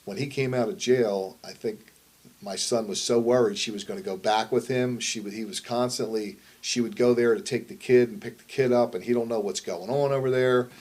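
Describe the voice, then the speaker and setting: A man's voice: mid-range voice, fairly even intonation, moderate pace, a little mellow. A middle-aged man, a wrestler and promoter, telling a story in a shoot interview. He speaks bluntly, swears constantly and rambles. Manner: blunt, heavily profane, rambling.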